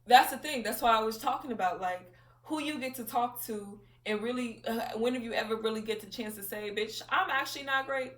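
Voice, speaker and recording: A woman's voice: a little high, brisk. A woman vlogging from home, talking candidly and profanely with frequent laughter while she reflects. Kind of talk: casual personal monologue. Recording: roomy echo, distant from mic.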